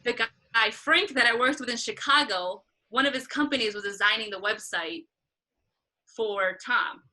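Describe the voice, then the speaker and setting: A young woman tells a long story in a casual interview, bright and forceful in tone with a fairly high voice. She slips into quoted voices of the people in the story and laughs often. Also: unhurried, low-quality recording. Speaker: interview guest, concert photographer.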